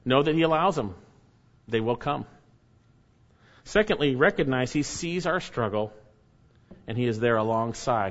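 A man's voice: expressive, measured pace, long pauses. Earnest male preacher, slightly muffled recording. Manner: earnest, rising emphatic then dropping soft and low. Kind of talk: sermon with scripture reading.

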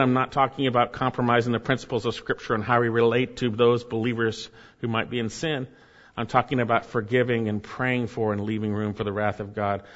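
A man preaching a sermon as pastor, earnest, with rising emphasis and asides to the congregation. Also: mid-range voice. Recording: dull, hall reverb.

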